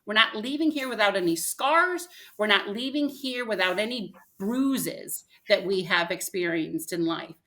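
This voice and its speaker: An older woman, a guest on a podcast, relates a personal story animatedly and plays out others' lines. Her mid-range voice moves a little slowly, with hardly any pauses.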